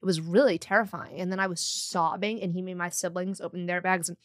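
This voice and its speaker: A woman, a podcast guest, telling an anecdote in a teasing, animated, casual way. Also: on the low side, fast, no echo. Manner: teasing, animated, laughs easily. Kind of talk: casual storytelling.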